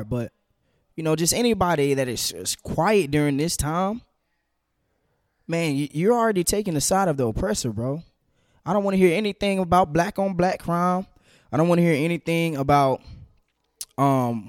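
A man in his twenties hosting a solo podcast, talking in a conversational, slangy way that climbs sharply in pitch when he gets heated. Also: no room sound, clean studio sound. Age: 20s. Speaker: podcast host.

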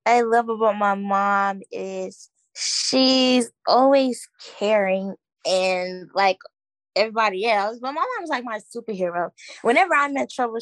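A woman's voice: fairly high pitch, dry recording. A teenage girl co-hosting a school podcast in casual, playful chat. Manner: playful, joking. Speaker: podcast co-host.

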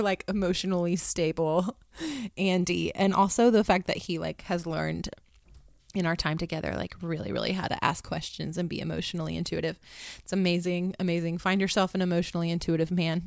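A woman's voice: on the low side, moderate pace, creaky, no room sound, clean studio sound. A woman in her thirties telling a story in casual monologue, chatty and self-mocking, laughing often at herself.

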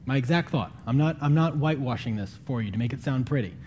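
A man preaching a sermon in an earnest, conversational way, his voice climbing higher when he pleads. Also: quick pace, a little mellow, a little hiss or hum. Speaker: pastor.

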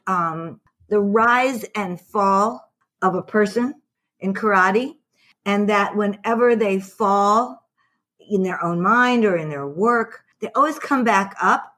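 A woman who teaches karate, thinking aloud with pauses in a relaxed group discussion. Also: mid-range voice. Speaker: karate instructor, panelist.

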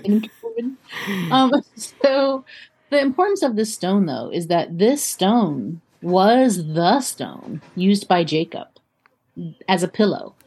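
Husky-voiced woman telling a story. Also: mid-range voice, sing-song, slow pace, darkish tone. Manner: chatty, laughs often, reads quotes aloud. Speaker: podcast co-host. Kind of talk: casual storytelling chat.

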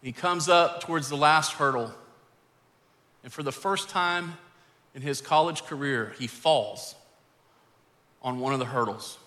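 Bright-voiced pastor preaching in a hall. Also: male voice, medium pitch, measured pace, pauses often. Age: middle-aged. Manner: earnest, rising to emphatic exhortation. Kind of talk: sermon storytelling. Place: church sanctuary. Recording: church hall reverb with faint music.

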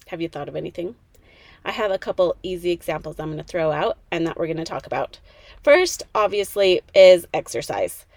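A woman's voice: medium pitch, darkish tone, no echo. Woman in her thirties, podcast host, peppy and chatty, dry close mic. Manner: peppy, chatty, talks straight to the listener. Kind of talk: motivational podcast monologue.

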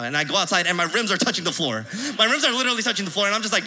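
A young man telling a lively personal story at church, laughing and acting out his own reactions. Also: high-pitched, fast talker, hardly any pauses, a little hiss or hum. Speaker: church speaker sharing a testimony. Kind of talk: sermon storytelling.

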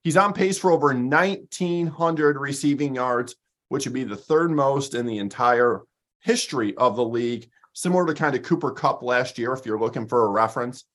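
A man's voice: mid-range voice, moderate pace, a bit bright. A man co-hosting a sports show, reeling off stats in an upbeat, jokey way. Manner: stat-heavy, upbeat, jokey. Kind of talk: casual sports talk.

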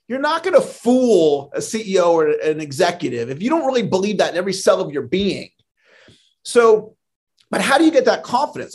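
Man, sales trainer on a podcast, upbeat and earnest, slightly high-pitched. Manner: earnest, motivational, repeats words when starting. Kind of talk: podcast interview.

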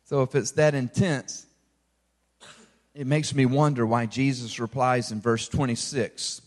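A pastor preaching a sermon with humor, swinging from shouted peaks to low, intimate tones and acting out quoted voices. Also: male voice, steady tone, a little slow, big-room sound.

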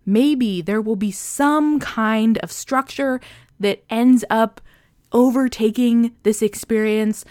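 A woman's voice: on the high side, slow pace, a little mellow, dry recording, clean studio sound. Rambling, goofy woman podcast host. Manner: rambling, goofy and self-deprecating. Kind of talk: casual unscripted solo podcast chat. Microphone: podcast microphone.

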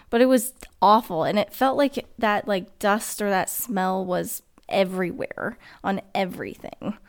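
A woman's voice: medium pitch, creaky, clean tone. A young woman telling a personal story in a rambling way, full of "like" and restarts. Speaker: car crash survivor telling her story.

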